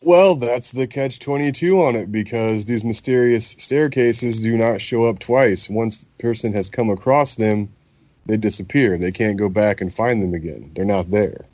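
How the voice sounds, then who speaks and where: A man with a lowish voice who explains things earnestly in a casual podcast chat, often restarting his sentences as he goes. The sound is dry and close, with no room echo. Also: normal speed, a little mellow. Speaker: podcast co-host.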